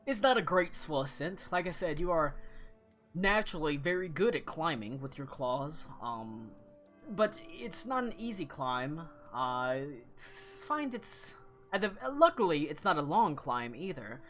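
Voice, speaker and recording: A man narrating a tabletop fantasy game as game master, relaxed and hesitant, with lots of fillers. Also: a little high, unhurried, soft background music.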